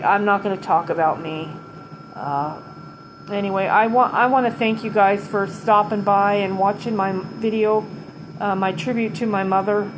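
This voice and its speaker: Halting, tearful woman speaking at home. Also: medium pitch, noisy background. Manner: halting, tearful, many pauses and restarts. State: holding back tears, tired from illness. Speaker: vlogger giving a tribute to her late mother. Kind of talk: emotional personal vlog.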